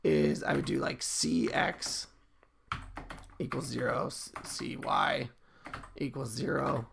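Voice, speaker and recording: This streamer speaks slowly in a gravelly, mid-range voice, with slight background noise plus keyboard typing and clicks. He casually codes a game live as a lesson, thinking aloud, chatting comfortably with viewers, and fixing his wording mid-sentence.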